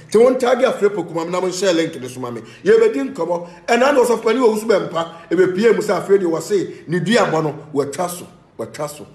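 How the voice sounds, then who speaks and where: Lively Ghanaian man hosting, echoey. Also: on the high side. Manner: lively, urges listeners. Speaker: host. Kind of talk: online show hosting. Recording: echoey recording.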